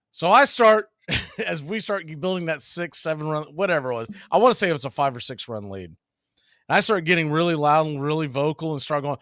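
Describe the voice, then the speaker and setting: A middle-aged man doing casual baseball play-by-play, telling long stories between pitches and laughing as he goes. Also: brisk, a bit bright, clean tone, dry recording, clean studio sound.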